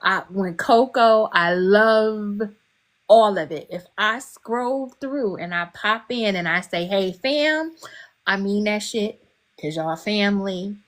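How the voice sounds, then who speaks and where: A woman's voice: mid-range voice, slow. A woman guest author chatting on a podcast, emotional and candid, laughing often and swearing freely. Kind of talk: casual podcast chat.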